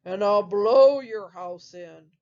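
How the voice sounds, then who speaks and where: A woman voicing a threatening male wolf in a picture-book read-aloud, loud and blustering. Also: medium pitch, slow pace, muffled recording, close to an everyday voice.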